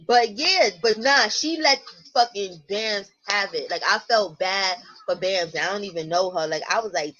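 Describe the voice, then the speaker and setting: A woman, host of a casual livestream, telling stories to her viewers at home in a blunt, profane, animated way. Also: medium pitch, normal speed. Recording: muffled lo-fi stream audio.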